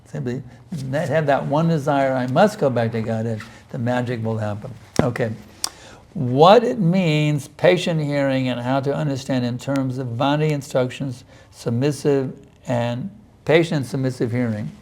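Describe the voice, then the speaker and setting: A man's voice: medium pitch, unhurried, darkish tone, a little hiss or hum. A man giving a conversational scripture class, with many "you see" asides and restarts, sometimes pleading intensely as he acts out prayers. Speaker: spiritual teacher answering questions. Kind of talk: informal scripture class talk.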